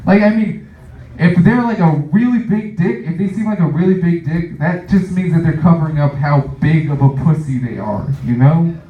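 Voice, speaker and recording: Rambling young comic in an echoey room. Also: male voice, on the high side, moderate pace. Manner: rambling, filler-heavy, self-amused. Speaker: stand-up comic. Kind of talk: stand-up comedy set. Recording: echoey room, distant muffled mic.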